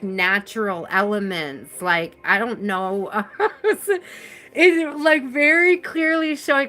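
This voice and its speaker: Slow, soft-spoken woman reading tarot. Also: mid-range voice. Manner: slow, soft and reassuring, with many fillers. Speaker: tarot reader. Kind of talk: live-stream tarot reading.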